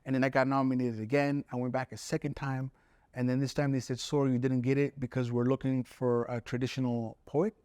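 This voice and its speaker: A man's voice: medium pitch, level tone, brisk, darkish tone, clear, resonant tone, no room sound. A man, a poet and the guest, telling stories from his life in an earnest, reflective way and voicing other people's words as he goes. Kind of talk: reflective storytelling in conversation.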